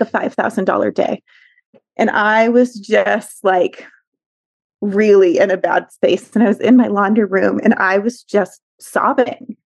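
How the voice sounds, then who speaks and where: A woman's voice: medium pitch, no room sound, studio quality. A middle-aged woman therapist, a guest on the show, telling a tender family story in an earnest conversational way. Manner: tender, earnest, acts out quoted voices.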